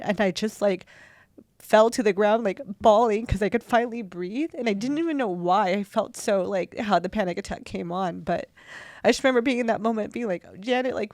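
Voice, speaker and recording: A woman co-hosting a podcast, talking in an emotional, halting way with many restarts. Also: mid-range voice, a little mellow, no echo, clean studio sound. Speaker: podcast co-host. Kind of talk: heartfelt casual podcast chat.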